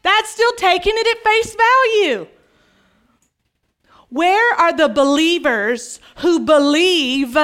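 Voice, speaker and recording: Lively, bright-voiced woman preacher. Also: extremely high pitch, slow pace. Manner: animated, acts out scripture dialogue with humor. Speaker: pastor. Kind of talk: sermon.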